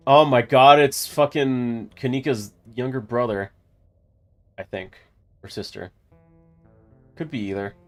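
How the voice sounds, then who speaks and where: A man giving joking let's-play commentary with quick asides. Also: mid-range voice, steady tone, faint music behind. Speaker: gaming streamer.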